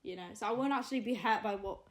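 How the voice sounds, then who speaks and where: A twenty-one-year-old woman co-hosting a casual podcast with her brother, chatty and quick to laugh. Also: mid-range voice, poor audio. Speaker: podcast co-host. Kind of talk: casual sibling chat.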